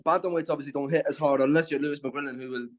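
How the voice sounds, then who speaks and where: A young man speaks in a somewhat high voice. He talks like a brash, confident fighter in a casual interview, stumbling over quick restarts as he pushes his points. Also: fairly even intonation. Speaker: MMA fighter, interview guest.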